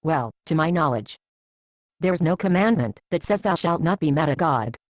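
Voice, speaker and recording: A woman's voice: low voice, lively intonation, moderate pace, dry recording. A woman acting as a frank churchgoing friend who counsels with blunt, dry teasing in an amateur Bible drama. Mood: matter-of-fact.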